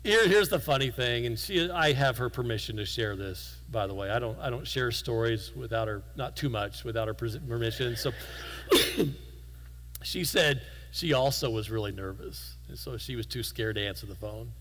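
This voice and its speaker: A man giving a guest sermon in a church, telling stories in a relaxed, conversational way with self-deprecating humor. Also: medium pitch, moderate pace, long reverb tail, low-quality recording. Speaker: guest preacher. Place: church sanctuary.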